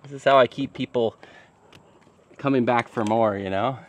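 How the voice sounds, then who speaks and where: A man's voice: mid-range voice, moderate pace, heavy background noise. A man chatting casually while building a deck outdoors, joking and rambling to his viewers. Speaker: DIY cabin builder.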